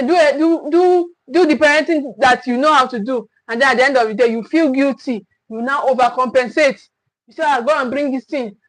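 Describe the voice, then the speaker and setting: High-voiced woman giving earnest parenting advice. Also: no echo, rough recording. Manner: earnest, repeats phrases, acts out parents' voices. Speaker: parenting coach. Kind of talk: livestream parenting talk.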